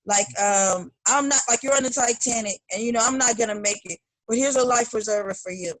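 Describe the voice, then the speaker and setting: Animated middle-aged woman, raised in Chicago. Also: fairly high pitch, fairly quick, no room sound. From Chicago, United States. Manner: animated, acts out quoted voices of family. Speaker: guest singer. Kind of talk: casual interview chat.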